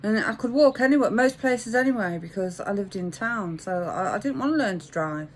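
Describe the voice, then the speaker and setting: A vlogger from the English Midlands tells a frank, rambling anecdote in a chatty casual monologue. Her mid-range voice is expressive and brisk, with a little hiss or hum in the audio.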